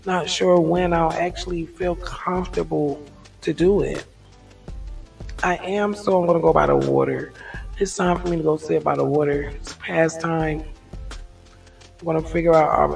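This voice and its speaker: Woman vlogging, gravelly low voice, rambles and laughs stuff off, mic kinda far, faint music behind. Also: darkish tone. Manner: laughs to release stress, rambling and frank. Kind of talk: candid reflective monologue.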